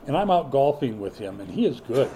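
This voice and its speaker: An older man preaching a sermon, a folksy joking storyteller who builds to loud, emphatic preaching. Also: medium pitch, big pitch swings, fairly quick, a little hiss or hum. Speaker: pastor.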